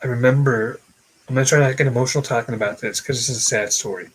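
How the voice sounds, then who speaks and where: A young man with a husky, slightly breathy voice, co-hosting a casual chat. He tells personal stories in a halting, unhurried way, full of fillers and restarts. His pitch sits in the middle range. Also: rough recording. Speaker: podcast co-host.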